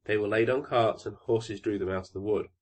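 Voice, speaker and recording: Calm man narrating a fairy tale. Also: lowish voice, brisk. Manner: calm, even storytelling. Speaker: audiobook narrator. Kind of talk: storybook narration.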